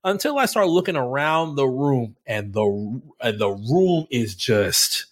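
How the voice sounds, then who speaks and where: A man's voice: medium pitch, expressive, measured pace. A man from Florida co-hosting a podcast, telling a story in casual chat, swearing and acting out his own reactions. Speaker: podcast co-host.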